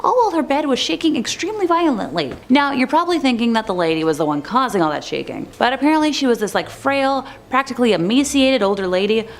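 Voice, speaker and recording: Lively woman telling scary stories. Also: a little high, quick pace, hardly any pauses. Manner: chatty asides and wry jokes. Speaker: narrator. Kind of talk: casual scripted narration.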